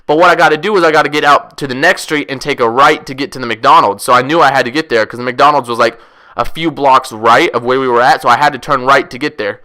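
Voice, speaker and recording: A young man telling a wild story casually, profane, rambling and excitable. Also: mid-range voice, quick pace. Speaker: vlogger.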